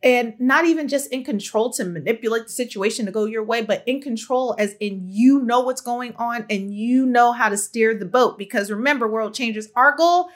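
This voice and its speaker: A woman with a slightly high voice coaches parents on how their children talk. She speaks straight to her listeners, emphatic and affectionate, and her pitch rises and falls freely as she stresses a point. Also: normal speed, hardly any pauses. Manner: expressive, emphatic, affectionate direct address. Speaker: parenting educator on child speech. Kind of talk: solo podcast monologue to parents.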